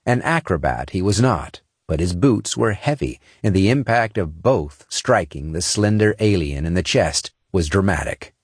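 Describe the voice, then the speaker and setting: Male audiobook narrator, very low voice, dry booth sound, steady dramatic read. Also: normal speed, hardly any pauses, breathy edge, dry recording. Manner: steady, dramatic action reading.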